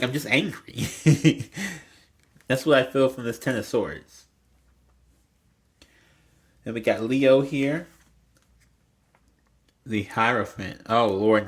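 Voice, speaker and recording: Blunt, rambling man reading tarot. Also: mid-range voice. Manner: rambling, blunt, swears freely, lots of "like". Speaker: tarot reader.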